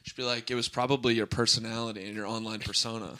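A man's voice: fairly low pitch, flat delivery, fast, pushed and bright. A man co-hosting a podcast in casual chat, tossing in dry joking quips. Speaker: podcast co-host.

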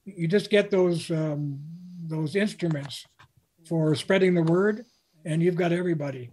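Older man, husky voice, slightly high, interview guest, anecdotal storytelling. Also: a little slow, darkish tone. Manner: anecdotal, quoting others. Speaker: guest, author.

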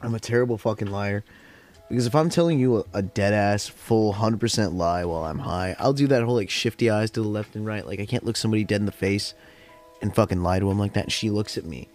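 With faint lo-fi jazz hop in the background, a young man hosts a podcast from home during a smoke session. His fairly low, slightly mellow voice moves quickly through a long, rambling, chatty story with heavy swearing.

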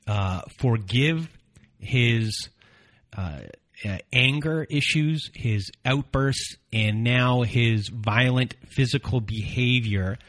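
A man hosting a podcast, asking questions and summing up his guest's story in a measured way. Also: mid-range voice. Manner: deliberate, summarizing the guest's story. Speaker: podcast host. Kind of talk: interview questions and recap.

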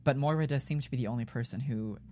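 A man hosting a casual TV after-show, explaining his theories in a steady, reasoned way. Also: mid-range voice, quick pace, a little hiss or hum. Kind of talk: casual TV recap chat.

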